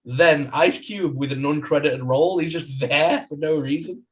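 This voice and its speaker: A man's voice: fairly high pitch, normal speed. A man co-hosting a fan podcast, speculating eagerly and laughing as he talks. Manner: excited, speculative, laughs a lot. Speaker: podcast co-host. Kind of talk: casual chat. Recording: dull lo-fi sound.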